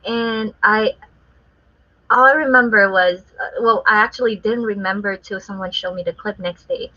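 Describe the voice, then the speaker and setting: A woman's voice: mid-range voice, normal speed, pushed and bright. A woman guest artist telling a story in casual chat, laughing often as she talks. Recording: muffled lo-fi sound.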